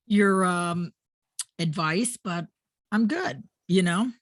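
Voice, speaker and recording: A woman's voice: lowish voice, slow, no room sound. A woman guest on a podcast, telling stories in a casual chat and laughing often.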